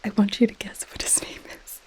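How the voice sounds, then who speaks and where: An ASMR creator whispers a role-play as a possessive goth girlfriend, reading a book aloud and mocking it with dry sarcasm. She talks fairly quickly in a darkish tone, and the recording is rough.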